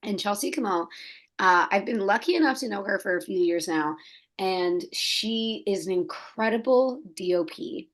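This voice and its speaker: A young woman from the Canadian Maritimes, a podcast guest telling animated stories full of fillers and quoted voices. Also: medium pitch. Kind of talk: casual chat.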